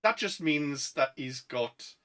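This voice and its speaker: A bright, fairly high-pitched young man with a Northern English accent rambles through a casual podcast chat. He keeps reaching for "um" and "like" as he goes. His tone stays light and forward. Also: expressive, takes it slowly, poor audio. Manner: rambling, lots of "um" and "like". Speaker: podcast co-host.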